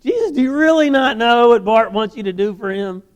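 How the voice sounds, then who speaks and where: A man preaching a sermon, telling the story in an animated way with casual asides. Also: very high-pitched, a little fast, clear, resonant tone, long reverb tail. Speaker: guest preacher.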